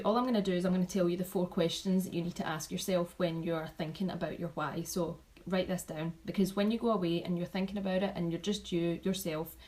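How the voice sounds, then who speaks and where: A woman talking casually to her team, chatty and animated, repeating herself and restarting sentences as she shares notes from an event. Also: on the low side, low-quality recording. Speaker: vlogger sharing event takeaways.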